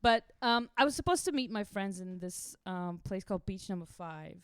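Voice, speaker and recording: A woman's voice: mid-range voice, animated, normal speed, clear, resonant tone, dry recording, studio quality. A young woman from Israel, a podcast co-host, telling a wild travel story casually, swearing freely and laughing through it.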